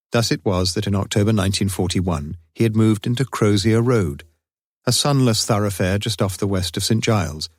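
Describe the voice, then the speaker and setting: A man reading a crime story aloud in measured, even storytelling narration. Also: lowish voice, no echo, clean studio sound. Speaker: audiobook narrator. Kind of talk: scripted narration.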